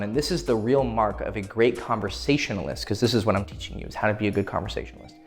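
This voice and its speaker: A man coaching on dating in a casual, profane way, acting out short quoted exchanges as he explains. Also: fairly low pitch. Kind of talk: instructional talk to camera.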